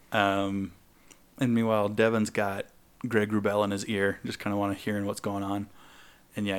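Young male podcast co-host, relaxed storyteller, lively when quoting others. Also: lowish voice. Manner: animated, acts out quoted people in raised voices. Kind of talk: casual storytelling chat.

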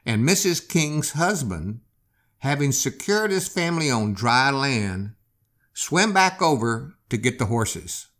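Male host, slow dramatic history storyteller. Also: medium pitch, very animated, fairly bright tone. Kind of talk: storytelling narration.

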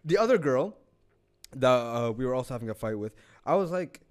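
A man's voice: on the high side, fairly quick. A young man co-hosting a podcast, telling a story in casual chat, swearing often and acting out what people said. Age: young adult. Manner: animated, swears a lot, acts out quotes. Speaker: podcast co-host.

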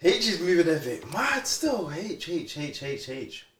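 A young man leading a casual word game among friends, animated and swearing. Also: a little high, a little slow, echoey room. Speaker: game leader.

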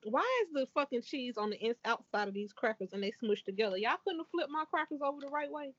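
A mother in a casual group chat over a video call, complaining in animated, profane bursts. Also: sits high, quick pace, dry recording. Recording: dull lo-fi call audio with faint noise.

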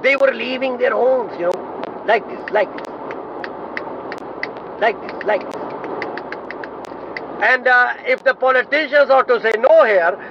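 High-pitched man raised in Sweden, rambling casual talk, dull recording with faint traffic behind. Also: unhurried, pauses often. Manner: rambling, many fillers and restarts. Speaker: speaker on immigrant identity. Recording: dull audio, faint street noise.

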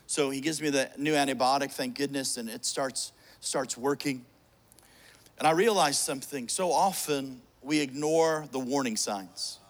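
A man's voice: on the high side, normal speed. A middle-aged man preaching a sermon, telling a funny personal story with jokes and many restarts. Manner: joking, storytelling, frequent restarts.

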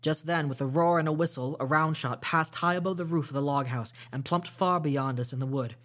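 A man hosting a podcast, reading a classic novel aloud as storytime narration, steady and measured with small slips. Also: a little high.

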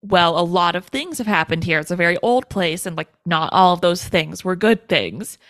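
A woman's voice: lowish voice, expressive, normal speed, a bit bright, no echo. A woman co-hosting a casual podcast, retelling a movie's plot with wry asides and swearing. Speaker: podcast co-host. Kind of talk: casual movie recap chat.

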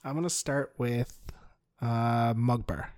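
A man's voice: medium pitch, steady tone, takes it slowly, darkish tone, dry recording, clean studio sound. A man with a Newfoundland accent playing a tabletop game, hesitant and thinking aloud. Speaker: player. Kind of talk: casual tabletop game play.

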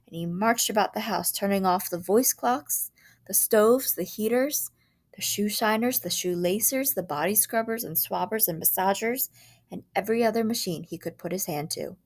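A woman teacher reading a short story aloud in a measured, dramatic way. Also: medium pitch.

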